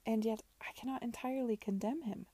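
A woman's voice: on the high side, fairly even intonation, a little fast, warm tone, dry recording, voice pushed up, lightly acted. A woman reading aloud and voicing an earnest, anxious young woman in an urgent, pleading tone.

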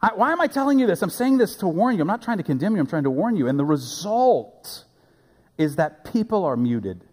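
A man preaching a sermon as a pastor, animated and playful, recorded in a church sanctuary. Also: high voice, fairly quick, breathy edge, big-room sound.

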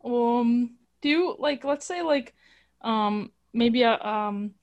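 A woman's voice: fairly high pitch, extremely slow, darkish tone, muffled recording. A woman in casual chat, playful and laughing, coaching the others as they read.

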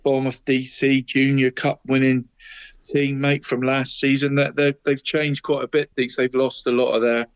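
A man's voice: medium pitch, level tone, moderate pace, smooth. Chatty man reading football results. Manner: chatty, says "mate" after almost every phrase. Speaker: co-host of a local football podcast. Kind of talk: casual chat, reading out results.

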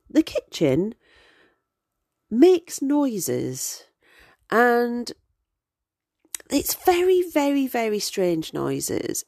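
Lady podcaster rambling thru her stories, deep-ish voice, takes her time. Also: no room sound. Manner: chatty, digressive, relaxed. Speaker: podcast host. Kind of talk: casual storytelling monologue.

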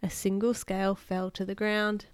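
A woman's voice: mid-range voice, little pitch movement, moderate pace, clean tone, no echo, clean studio sound. A woman hosting a podcast who reads a children's book aloud and chats playfully with a child. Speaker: podcast host reading children's books. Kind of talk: reading a picture book aloud.

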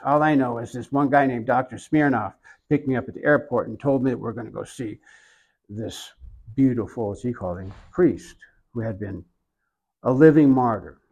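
An older man from Oklahoma, with an Oklahoman accent and a mid-range voice, shares his own story in an interview. He's reflective and unhurried, with soft asides, and the recording is muffled.

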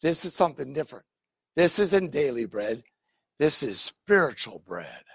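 A pastor preaches with a gravelly, husky voice that swings widely in pitch as he animates each story. The recording is close and dry. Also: moderate pace, no echo. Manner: animated storytelling, acts out scenes. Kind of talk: sermon.

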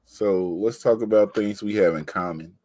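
A man interviewing a guest in a relaxed, friendly way. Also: fairly low pitch, moderate pace, no echo. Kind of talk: casual interview questions.

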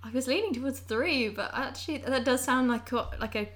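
A woman with a slightly high voice chats casually on a podcast, laughing often. She pokes fun at herself in a light, easygoing way. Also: a little fast, fairly bright tone. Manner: giggly, self-deprecating. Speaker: podcast co-host guessing. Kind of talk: casual chat.

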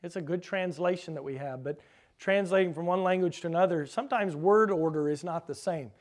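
High-voiced man preaching a sermon. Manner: teacherly, quizzes the congregation, hammers key words slowly.

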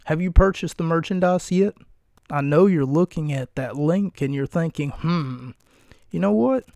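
A man's voice: on the high side, fairly even intonation, normal speed, darkish tone, no echo, studio quality. A man hosting his own podcast, recapping and bantering in a wry, rambling, profane, self-mocking way. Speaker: podcast host.

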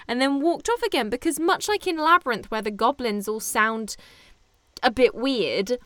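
A woman co-hosting a casual podcast chat, explaining at length and laughing easily. Her voice is high and very lively, with a bright, sharp tone. She sounds close and dry. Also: normal speed, no room sound. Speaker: podcast co-host.

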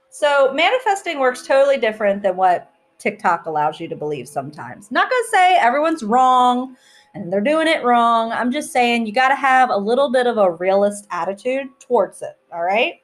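A woman's voice: fairly high pitch, very animated, normal speed. A woman hosting her own podcast, talking in a chatty, rambling way and poking fun at herself as she goes. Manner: chatty, rambling, self-mocking. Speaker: podcast host. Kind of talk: casual solo podcast chat.

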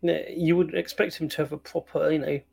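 Easygoing guy w a bit of a raspy fry, agreeable film chat. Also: on the high side, little pitch movement, brisk, a little mellow. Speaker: film review podcast co-host. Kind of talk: casual chat.

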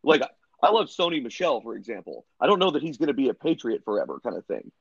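A man's voice: mid-range voice, huge pitch swings, quick pace, vocal fry, husky, dry recording. A laid-back man co-hosting a sports chat, swearing casually as he makes his points. His voice sits in a middle register and is recorded close and dry. The audio sounds a little dull and muffled. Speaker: sports podcast co-host.

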